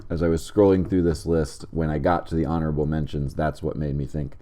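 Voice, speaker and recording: A man with a notably low voice co-hosts a comedy podcast in easygoing chat. He jokes freely and slips into mock-angry outbursts for laughs. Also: little pitch movement, a little fast. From West Virginia. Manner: jokey, bursts into mock-angry shouting. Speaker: podcast co-host.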